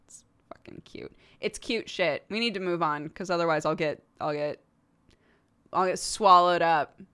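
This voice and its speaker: A woman's voice: lowish voice, moderate pace, fairly bright tone, smooth. A young American woman hosting a casual livestream, chatting to her viewers and laughing often. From United States. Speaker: livestream host.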